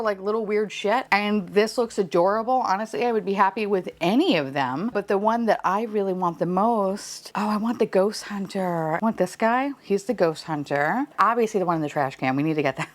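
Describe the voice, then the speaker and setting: A woman's voice: mid-range voice, expressive, moderate pace. A woman hosting an unboxing video, chatting casually and gushing over cute finds, with some swearing.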